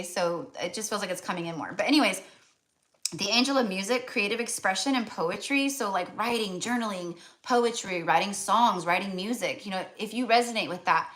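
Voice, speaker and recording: A woman's voice: lowish voice, a bit bright. An American woman giving a casual tarot reading, chatty and full of fillers and restarts. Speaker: tarot reader.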